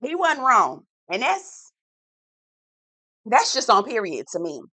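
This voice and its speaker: A woman's voice: a little high, huge pitch swings, slow pace, sharp tone, husky, dry recording. A woman giving a sassy, dramatic, casual recap of a reality TV episode as a vlogger, full of slang asides.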